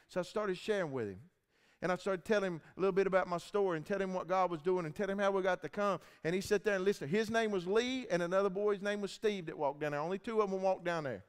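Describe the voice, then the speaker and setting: High-voiced preacher in an echoey hall. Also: male voice, quick pace, clean tone. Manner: animated storytelling, acts out dialogue. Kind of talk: sermon testimony. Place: church.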